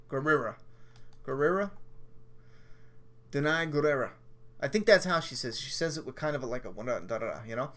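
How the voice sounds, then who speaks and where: A man's voice: medium pitch, fairly bright tone. A man hosting a casual live stream review, rambling, cursing freely and poking fun at himself. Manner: rambling, profane and self-mocking. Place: at home during a storm.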